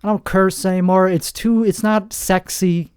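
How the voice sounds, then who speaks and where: A man in his forties from New Jersey, hosting a rambling comedic monologue with deadpan, self-mocking asides. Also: high-pitched, moderate pace, clear, resonant tone, no room sound, studio quality. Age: 40s. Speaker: comedian host.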